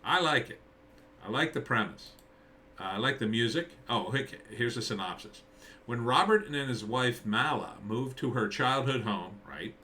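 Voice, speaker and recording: Rambling man with a bright, forceful voice. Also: medium pitch, lively intonation, moderate pace, a little hiss or hum. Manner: rambling, thinking aloud with many fillers and restarts. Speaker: screenwriter reviewing movie trailers. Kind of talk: casual rambling commentary. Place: at home with a dog nearby.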